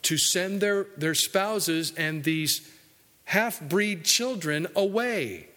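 A man preaching a sermon earnestly, his voice rising for emphasis and dropping low for asides. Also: animated, slow pace, bright, forceful tone. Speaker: pastor. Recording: hall reverb.

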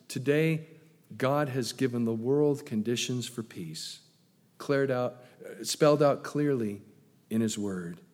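A man preaching a sermon, asking rhetorical questions and swinging between loud emphatic lines and hushed ones. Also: mid-range voice, a little slow, in a large hall. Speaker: pastor.

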